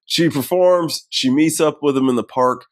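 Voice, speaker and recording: A man co-hosting a podcast, recapping a film in casual, profane chat and slipping into quick voices for the characters. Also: on the high side, no room sound, studio quality. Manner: profane, animated retelling with quick impressions of characters. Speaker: podcast co-host.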